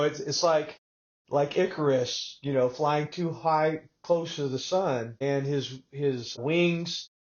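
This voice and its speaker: A man from Texas hosting a podcast, telling stories in a rambling, animated way with many asides. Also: a little high, muffled recording. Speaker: podcast host. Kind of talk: casual conversational podcast talk.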